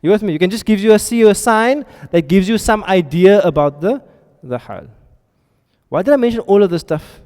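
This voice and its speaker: Guy teaching a class, smooth clear voice, kinda high, lots of "you with me?" style check-ins, echoey hall. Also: lively intonation, moderate pace, a little mellow. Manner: keeps checking in with students, asks questions. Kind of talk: classroom grammar lesson. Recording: reverberant hall sound.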